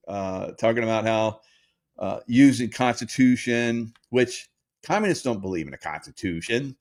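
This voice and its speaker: A man's voice: medium pitch, moderate pace. A man in his sixties hosting a casual commentary monologue, rambling with many fillers and restarts. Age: 60s. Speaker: host.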